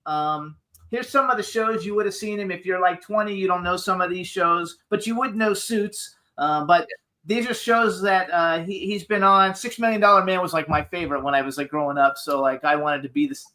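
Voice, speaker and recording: A male radio host with a high, sharply bright voice gushes about his guest. He reels off a long list with fan-like eagerness. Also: fairly quick, low-quality recording. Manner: eager, gushing, rattles off lists. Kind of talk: radio interview.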